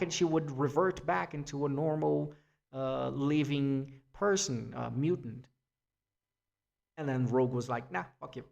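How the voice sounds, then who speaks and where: Man, spoken essay, rambling, casual swearing, gravelly voice, slightly high. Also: a little mellow, muffled recording. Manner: rambling, restarts, swears casually, acts out quotes. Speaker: essay vlogger. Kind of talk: free-form spoken essay.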